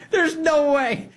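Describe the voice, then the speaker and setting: A man hosting a political podcast, talking casually and mockingly with frequent laughs. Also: extremely high pitch. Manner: mocking, laughs often, quick asides.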